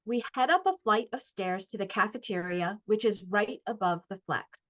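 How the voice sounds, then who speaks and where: A woman author reading aloud from her middle-grade novel at a virtual launch event, expressive in the first person, with short casual recaps. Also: medium pitch, moderate pace. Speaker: children's book author. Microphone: video call. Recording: dull lo-fi video call audio.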